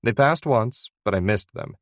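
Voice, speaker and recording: Male audiobook narrator, low voice, dry close sound, steady first-person read. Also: normal speed, no room sound.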